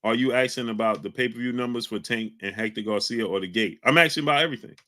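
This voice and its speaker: Here a livestream host with a mid-range voice talks quickly. He calls out names from the chat and picks fights with viewers in a heated, combative exchange.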